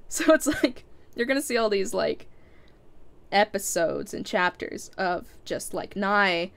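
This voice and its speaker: A woman's voice: mid-range voice, lively intonation, slow pace, creaky, fairly bright tone. A young woman chatting casually as a live streamer winding down her stream, rambling with lots of fillers and frequent laughs.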